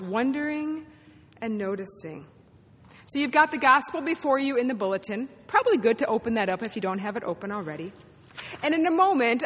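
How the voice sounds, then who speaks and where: Higher-voiced woman pastor in reverberant sanctuary. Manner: warm, encouraging, playful. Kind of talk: sermon. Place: church sanctuary. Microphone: amplified sanctuary mic. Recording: long hall reverb in a sanctuary.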